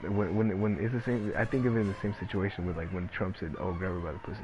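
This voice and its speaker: A man's voice: low-pitched, steady tone, fast talker, muffled recording, a loud crowd. A man giving casual gameplay commentary, ranting in a rambling, profane way and packing his talk with filler words. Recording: noisy background.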